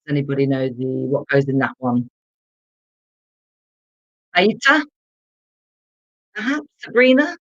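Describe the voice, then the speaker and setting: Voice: mid-range voice, sing-song, measured pace, pauses often, dry recording, dull audio. An English teacher giving a live online lesson, repeating key words for learners to copy and calling on viewers in the chat. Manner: addresses viewers in the chat directly.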